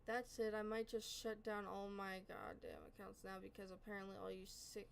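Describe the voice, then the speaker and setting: A woman's voice: medium pitch, little pitch movement, normal speed, vocal fry, hardly any pauses, clear, resonant tone, low-quality recording. A woman hosting a reaction video, chatting casually and often apologizing and correcting herself as she reads on-screen text aloud. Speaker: reaction channel host.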